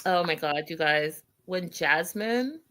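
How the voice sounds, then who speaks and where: A woman hosts a chatty reality TV recap with a bright, forward voice. She tells scenes with lively retellings and laughs easily, talking straight to her viewers. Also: lowish voice, slow. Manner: animated storyteller, acts out quotes, laughs often. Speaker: host. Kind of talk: casual reality TV recap chat.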